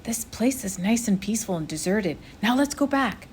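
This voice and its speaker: A woman voicing a raspy, dismissive boy. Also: mid-range voice, lively intonation, moderate pace, slight background noise, pitched above the performer's own voice, natural voice. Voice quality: rasping.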